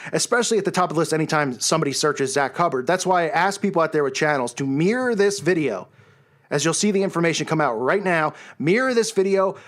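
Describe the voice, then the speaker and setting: Channel host, male, high voice, scornful yelling rant. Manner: yells and raises his voice, scornful. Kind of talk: angry monologue rant.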